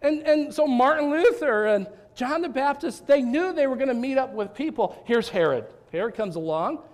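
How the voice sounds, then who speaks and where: Animated, high-voiced male pastor preaching. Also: normal speed. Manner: animated, with repeated restarts and rhetorical questions. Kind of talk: sermon.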